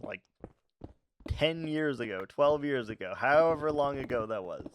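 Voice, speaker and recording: A man's voice: medium pitch, lively intonation, moderate pace, a little hiss or hum. A man streaming live and chatting casually with his viewers, laughing often and stammering through his reactions.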